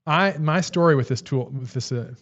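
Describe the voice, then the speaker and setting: A man's voice: mid-range voice, moderate pace. Casual male co-host, rambly show-and-tell delivery, dull lo-fi stream sound. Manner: rambling, shows and demonstrates tools on camera. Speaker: livestream co-host. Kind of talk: casual livestream chat.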